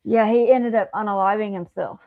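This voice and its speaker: A woman's voice: mid-range voice, steady tone, gravelly, narrow, tinny audio. A woman calling into a livestream, talking casually and often restarting her sentences. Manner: halting, restarts mid-sentence. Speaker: caller on a livestream. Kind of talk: casual chat.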